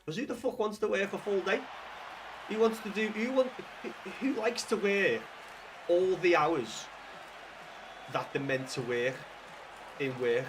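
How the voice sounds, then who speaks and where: A young man chatting casually to viewers while streaming a football video game, rambling and swearing with excited bursts. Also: sits high, unhurried, pauses often, noisy background. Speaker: gaming livestreamer. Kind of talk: casual livestream chat with viewers.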